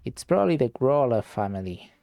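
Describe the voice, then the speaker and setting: A man streaming a game, chatting with viewers in a slow, relaxed, rambling way. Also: mid-range voice, creaky, dry recording. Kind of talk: casual gameplay commentary.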